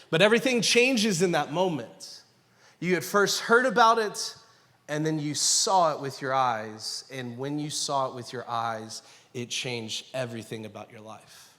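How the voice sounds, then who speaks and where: Expressive, pushed and bright, his mid-range voice moves at a normal speed as he shares a family story from the pulpit. He's a pastor in his thirties mixing conversational storytelling, self-deprecating humor and acted-out quotes, with long hall reverb echoing through the church sanctuary.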